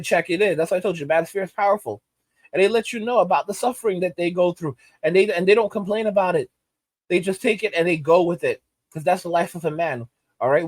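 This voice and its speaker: A man's voice: high voice, no echo. A man hosting his channel, delivering emphatic ranting commentary and repeating phrases for weight. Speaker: channel host.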